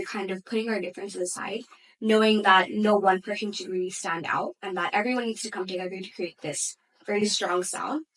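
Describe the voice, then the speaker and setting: A woman's voice: medium pitch, a bit bright, far from the mic, rough recording. Young woman singer speaking a bit off-mic. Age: young adult. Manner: thoughtful, many "like" and "you know" fillers. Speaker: interviewee, opera singer and student. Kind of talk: casual interview answers.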